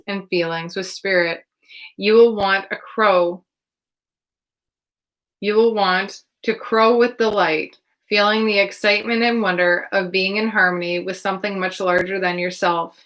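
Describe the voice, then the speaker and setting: Bright-voiced woman tarot reader. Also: medium pitch, measured pace, rough recording. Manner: animated, swears freely, laughs while telling stories. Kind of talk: oracle card reading and casual storytelling.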